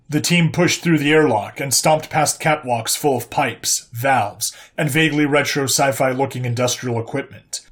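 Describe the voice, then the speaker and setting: A man narrating a sci-fi story in a steady, plain storytelling voice. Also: mid-range voice.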